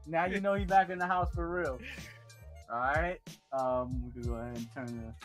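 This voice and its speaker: A man hosting a live stream, chatting casually with loud, laughing banter. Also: on the high side, steady tone, moderate pace, soft background music. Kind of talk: casual chat.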